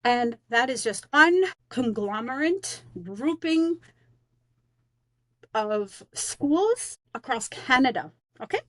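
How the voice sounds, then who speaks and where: A woman's voice: sits high, sing-song, slow pace, fairly bright tone, dry recording. A woman who is a teacher on leave, talking in a casual vlog rant, blunt, slangy, defiant and rambling with lots of fillers.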